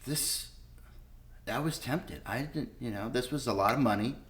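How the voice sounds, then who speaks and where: A man's voice: medium pitch, normal speed, a bit bright, slight background noise. A middle-aged man giving a candid personal testimony, blunt and unpolished, with frequent swearing, re-enacting past conversations as he talks. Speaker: speaker telling his recovery story.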